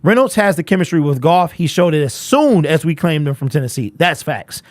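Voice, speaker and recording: A young man hosting a casual sports fan live stream, animated and chatty, answering viewers in chat. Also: on the high side, a little fast, dry recording. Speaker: host of a fan livestream.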